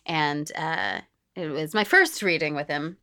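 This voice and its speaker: A woman co-hosting a casual podcast, telling stories in a lively way and reading out listener submissions. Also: sits low, measured pace. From Italian-American family. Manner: animated storyteller, acts out quoted voices. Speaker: podcast co-host.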